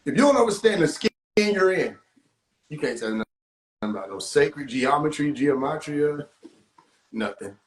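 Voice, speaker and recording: A young man with a high voice rants on a phone livestream, laughing often and cursing freely. His voice rings around an echoey room. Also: moderate pace, long pauses. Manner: animated, laughing often, profane slang. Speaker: livestream host. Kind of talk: casual livestream rant.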